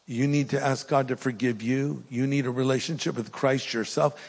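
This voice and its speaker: An older man preaching a sermon with an altar call, earnest and pleading, swinging between raised emphasis and hushed, soft appeals. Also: mid-range voice, fairly even intonation, normal speed, vocal fry, husky, big-room sound. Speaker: pastor. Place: church hall with live audience.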